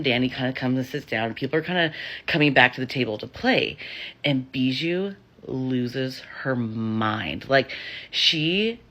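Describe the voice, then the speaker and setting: A woman in her thirties telling a personal story in a casual, animated way, acting out the voices of the people in it. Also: a bass voice.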